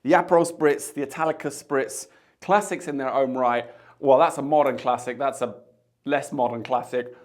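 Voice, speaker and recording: A man's voice: medium pitch, moderate pace. A man, a bartender, chatting casually to camera as he tastes cocktails, with jokey asides. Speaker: bartender host. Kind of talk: casual tasting chat to camera.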